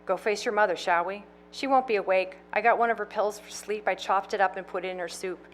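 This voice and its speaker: A woman reading the part of a hesitant, troubled man in a play, doubtful and soft-spoken. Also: mid-range voice, quick pace, a little hiss or hum, lightly acted. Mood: quiet.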